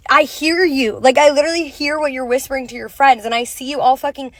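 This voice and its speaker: A woman's voice: high voice, steady tone, fast talker, no room sound. Brash, foul-mouthed young woman. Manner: brash and profane, frequently swearing. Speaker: TikTok creator. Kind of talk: casual selfie rant.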